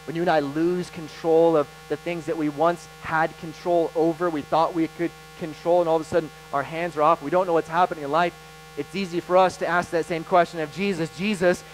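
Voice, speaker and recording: A man preaching a sermon as pastor, animated and emphatic, with dramatic pauses. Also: a little high, rough recording.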